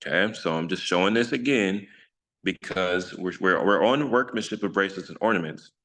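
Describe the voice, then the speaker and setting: Low-voiced man teaching casually. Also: fairly quick, pushed and bright. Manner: rambling, self-correcting, jokey. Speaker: scripture teacher. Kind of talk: casual online study lesson.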